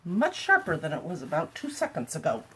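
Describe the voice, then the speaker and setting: This home cooking vlogger has a low voice whose pitch swoops wildly, and she talks briskly over background noise. Cooking in her own kitchen, she chats wryly to the camera and tosses in jokey asides during a casual demo.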